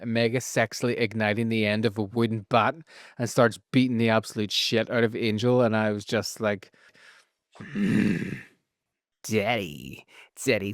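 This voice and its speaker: A man with a Northern Irish accent recapping a TV episode in a casual podcast chat, telling it in a lively, profane way. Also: mid-range voice, no echo, studio quality. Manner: animated, profane storytelling with frequent laughs. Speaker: podcast co-host.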